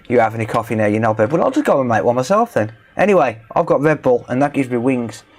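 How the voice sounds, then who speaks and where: A man's voice: mid-range voice, big pitch swings, a little fast. A man from the English Midlands, chatting casually and joking with viewers while he works on electronics repairs, swearing now and then. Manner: joking, bantering, swears freely. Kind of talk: casual livestream chat while working.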